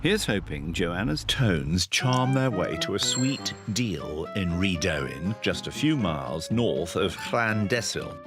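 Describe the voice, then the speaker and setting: A man narrates a TV programme with a fairly low, lively voice that rises and falls a lot. His delivery is playful, full of light puns, and music plays underneath him. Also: takes it slowly, hardly any pauses. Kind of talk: scripted TV narration.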